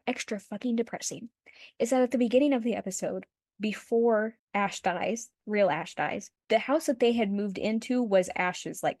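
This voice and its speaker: A woman's voice: mid-range voice, no room sound, studio quality. A young woman co-hosting a podcast, retelling a story in casual chat, full of "like" fillers and the odd swear word. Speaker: podcast co-host.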